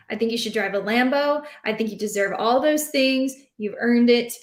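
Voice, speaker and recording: A woman chatting about fantasy football in an animated, rambling, playful way. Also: a little high, normal speed, few pauses. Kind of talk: casual sports chat. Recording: roomy echo.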